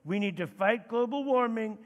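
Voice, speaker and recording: A man doing an impression of a former president as a slow, loose surfer type, recorded with a long hall reverb. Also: very high-pitched, highs cut off. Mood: rambling. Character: rambling male former president impression, laid-back surfer drawl. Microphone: belt mic.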